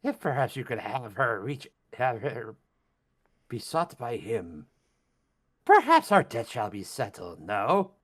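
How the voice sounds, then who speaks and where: A man voicing an ancient, decrepit hag crone who speaks slowly and wheedles for a favor. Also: mid-range voice, huge pitch swings, husky, full character voice. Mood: wheedling. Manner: slow, drawn-out, wheedling speech.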